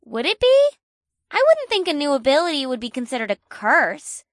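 A woman voicing an excitable young woman scientist, high bright voice, audiobook character, eager questioning, dry close sound. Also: moderate pace, no echo. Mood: curious.

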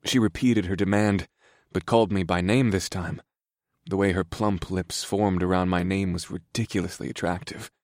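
Deep-voiced man narrating a story. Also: no echo, studio quality. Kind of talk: first-person story narration.

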